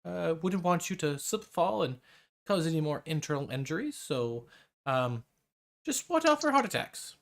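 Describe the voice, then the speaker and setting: A man voicing an elderly woman healer in a tabletop game, calm, matter-of-fact and quietly teasing. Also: on the high side, normal speed, creaky, pitched above the performer's own voice. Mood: sly.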